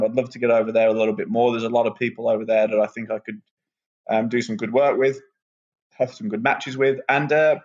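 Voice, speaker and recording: A wrestler, relaxed and rambling with lots of ums, chatting as a guest on a podcast. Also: male voice, medium pitch. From England. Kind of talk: casual podcast interview. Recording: muffled lo-fi sound.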